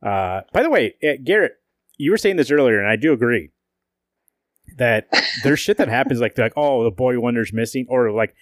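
A man's voice: mid-range voice, moderate pace, no echo, clean studio sound. A man co-hosting a casual podcast, swearing and laughing as he reads out lines. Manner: profane, laughing, animated when reading quotes. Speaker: podcast co-host.

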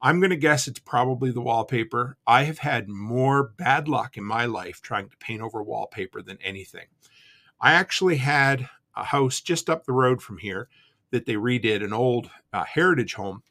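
A man hosting a live call-in podcast, chatting casually and relaxed, with the odd curse word. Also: mid-range voice, moderate pace. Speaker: podcast host taking live calls.

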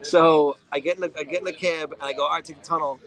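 A man's voice: on the high side, steady tone, quick pace, a bit bright. A man in a casual chat, blunt and swearing as he tells stories.

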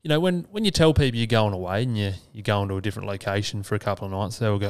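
Smooth-voiced Australian man, casual podcast talk. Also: lowish voice, very fast, few pauses, dry recording, clean studio sound. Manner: earnest, swears freely, loose and chatty. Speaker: podcast host.

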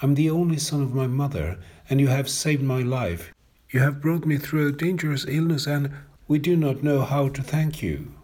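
A man's voice: medium pitch, lively intonation, a little slow, darkish tone, pitched above the performer's own voice. A man reading a story aloud, voicing an agitated young man who pleads with earnest, repetitive gushing. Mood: agitated pleading. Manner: agitated, pleading, repeats himself.

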